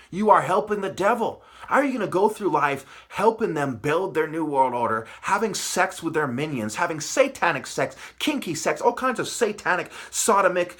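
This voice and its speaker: A man delivers a profane, preachy spiritual rant. His voice sits a little high and has a sharp, forceful edge. He drops into low mutters and then climbs back into yelling. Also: husky. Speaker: channel host.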